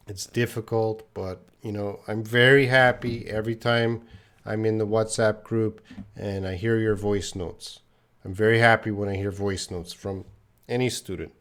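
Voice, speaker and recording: Sounding tired, a male English teacher works through chat questions in a live online lesson, reading them out and correcting them patiently. He speaks slowly and clearly for learners, his voice on the low side and a bit bright.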